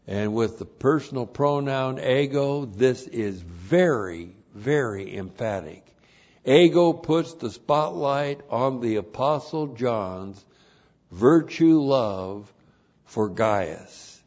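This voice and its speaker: A pastor gives an expository sermon at an unhurried, deliberate pace, stressing and repeating key words and spelling Greek terms letter by letter. His mid-range voice is a little mellow with lively intonation. The audio is muffled and lo-fi, as though recorded in a church.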